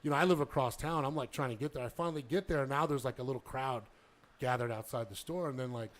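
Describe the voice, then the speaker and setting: A man's voice: medium pitch, quick pace, crowd noise. A man casually telling a long story on a podcast, acting out the dialogue and swearing a lot. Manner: animated storyteller, heavy swearing, acts out dialogue.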